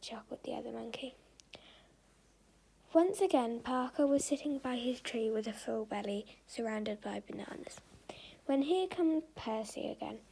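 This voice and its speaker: Storyteller: woman, husky and gravelly, expressive narration with soft hushed moments. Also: a little high, moderate pace. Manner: expressive, dips to a breathy hush.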